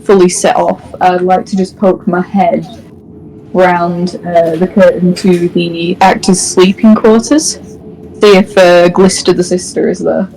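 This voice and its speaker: Slow-talking woman player. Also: fairly low pitch, level tone, gravelly, mellow, rough recording. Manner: unhurried, laughing, describing actions. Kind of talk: tabletop role-play.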